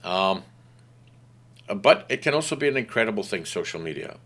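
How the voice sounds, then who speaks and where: A man's voice: lowish voice, big pitch swings, normal speed, a bit bright. A man talking casually about being an artist, frank and rambling, often repeating his phrases. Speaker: artist and podcast host. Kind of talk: casual monologue.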